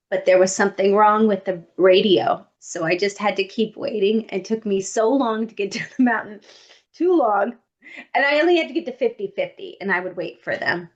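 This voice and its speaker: A woman guest on a podcast, telling a personal story in an animated way and acting out what others said. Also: mid-range voice, dull audio.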